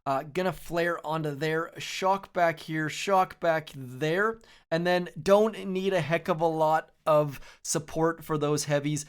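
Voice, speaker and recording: A man's voice: a little high, steady tone, slow pace, clean tone. A man hosting a mobile strategy game channel, chatting casually and upbeat while he plays, often poking fun at himself. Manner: chatty, upbeat, self-deprecating, talks while playing. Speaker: gaming channel host. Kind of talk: casual gameplay commentary.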